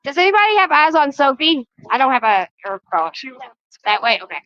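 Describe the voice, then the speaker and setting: A woman's voice: high-pitched, very animated, a little fast, pushed and bright, no echo, muffled recording. A woman organizing an outdoor protest rally, apologetic and bustling as she moves through the crowd. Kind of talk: casual crowd chatter.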